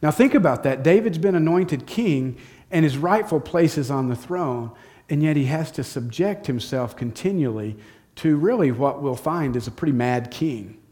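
A man teaching from the Bible, telling the story in a casual, lively way and acting out the quotes. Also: fairly high pitch, normal speed. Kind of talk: storytelling sermon.

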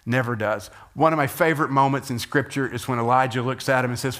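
A pastor delivers a sermon with the energy of a storyteller, pushing his voice up for the dramatic beats and pulling it back down for asides. His pitch sits right in the middle for a man. It is a plain, natural speaking voice. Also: fast talker, few pauses. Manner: animated storytelling, rising to loud emphasis and dropping to quiet asides.

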